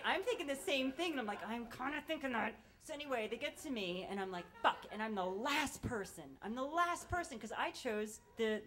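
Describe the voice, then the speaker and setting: A woman telling a first-person story live on stage in a casual, animated and profane way. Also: on the high side.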